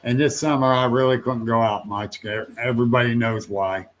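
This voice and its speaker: A man's voice: mid-range voice, fairly even intonation, moderate pace, a little hiss or hum. An older man hosting a casual livestream, rambling in a folksy way, laughing often and swearing now and then as he answers viewers. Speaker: livestream host.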